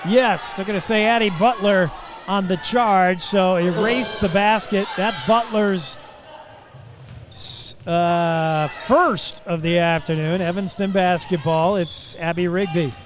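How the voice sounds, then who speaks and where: A man calling a high school girls basketball game live on local radio, with quick, excitable calls that jump into shouts on big plays and folksy asides to listeners. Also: crowd noise. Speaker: play-by-play announcer.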